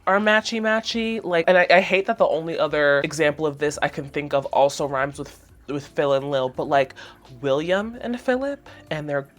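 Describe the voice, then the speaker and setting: A woman's voice: deep voice, moderate pace. A woman in her twenties chatting casually as she recaps a cartoon, laughing often and saying "like" a lot. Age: 20s. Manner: chatty, laughing, heavy use of "like". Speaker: host.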